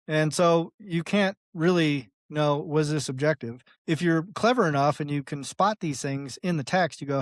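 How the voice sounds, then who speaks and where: A guest on a podcast, a man with a somewhat high voice who talks at length in a loose, animated way. He acts out little dialogues, laughs often and swears freely. The recording is close and dry, with no room echo. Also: moderate pace, few pauses. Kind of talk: casual interview talk.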